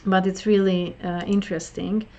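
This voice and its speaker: A woman teaching an online English listening lesson, slow and explanatory, often repeating words for emphasis. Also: mid-range voice, flat delivery, darkish tone, muffled recording.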